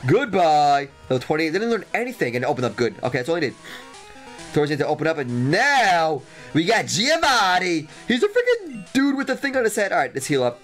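A man giving excitable, jokey gameplay commentary as a let's play host, exclaiming and repeating himself, with faint guitar music behind. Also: a little high, a little fast.

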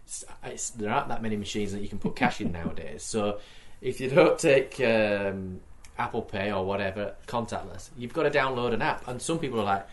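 Low-voiced man explaining. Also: fairly quick. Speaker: podcast co-host. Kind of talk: casual discussion.

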